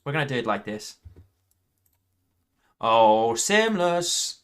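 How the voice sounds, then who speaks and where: A man talking through his own card game as he plays, half to himself, working out moves and counting points. His voice is bright and forceful, sitting at an ordinary middle pitch. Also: big pitch swings, slow pace, clear, resonant tone. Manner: thinks aloud, counting points under his breath. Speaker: gaming YouTuber.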